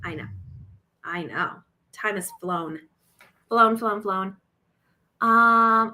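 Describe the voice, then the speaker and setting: Bright, chatty woman on a video call. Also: mid-range voice, drawn-out words, long pauses. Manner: chatty and giggly, trailing off mid-sentence. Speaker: co-host of a craft shop live stream. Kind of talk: casual chat.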